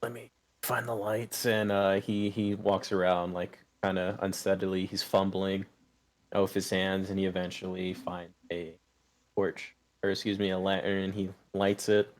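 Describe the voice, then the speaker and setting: A young man narrates a tabletop game as game master in a fairly low voice. He talks in halting bursts, restarting sentences as he goes. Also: monotone. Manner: halting, full of fillers and restarts.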